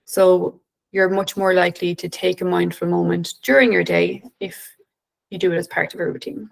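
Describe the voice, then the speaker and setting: Gravelly-voiced woman presenting calmly. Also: fairly low pitch, moderate pace, rough recording. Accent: Irish. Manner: gentle, guiding, with filler "um"s and restarts. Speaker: behaviour analyst presenter. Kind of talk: online conference presentation.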